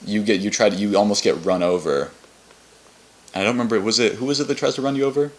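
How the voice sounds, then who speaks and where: A man's voice: on the low side, quick pace. A young man co-hosting a podcast, casually recapping a game in a rambling, unsure way and correcting himself. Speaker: podcast co-host.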